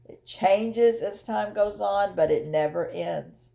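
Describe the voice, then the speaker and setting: An older woman talking candidly about her grief in a personal vlog, emotional and halting, often repeating words as she searches for them. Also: medium pitch, creaky, mellow. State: widowed, tearful. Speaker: vlogger sharing her grief journey.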